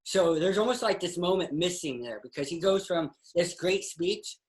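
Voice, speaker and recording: A man's voice: high-pitched, moderate pace, low-quality recording. A man, a pastor and guest, telling a personal faith story in a conversational way and acting out dialogue as he goes. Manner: animated storyteller who acts out dialogue.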